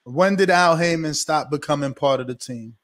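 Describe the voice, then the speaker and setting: A man as a guest in a casual interview, talking in a measured, insistent way full of rhetorical questions. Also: on the high side, a bit bright.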